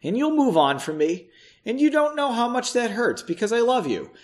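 A man's voice: very high voice, very animated, normal speed, voice pushed up. A man voicing a frustrated young woman who argues in a raised, heated voice and then pleads with her lover. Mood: pleading.

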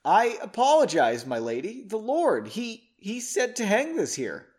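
A man's voice: high voice, wildly swooping pitch, measured pace, mellow, voice pushed up, full character voice. A man reading aloud as a nervous, timid male castle servant with a shaky, deferential manner.

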